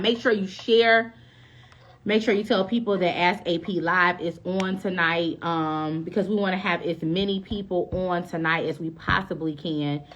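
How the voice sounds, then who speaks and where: A woman's voice: on the low side, fairly bright tone, muffled recording. A woman hosting a live-stream show, chatting casually and greeting her viewers by name with bubbly, effusive energy.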